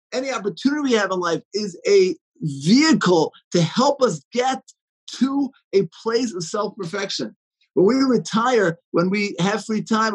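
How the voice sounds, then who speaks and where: Man, high-pitched, husky, inspirational storytelling talk, fillers and restarts. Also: low-quality recording.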